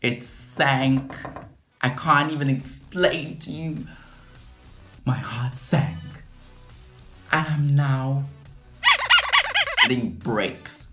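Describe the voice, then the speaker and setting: A young woman telling a story to her vlog viewers, animated and dramatic, full of "like". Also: very deep voice, drawn-out words, pauses often, echoey room, music in the background. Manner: animated, dramatic retelling with lots of "like". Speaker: vlogger.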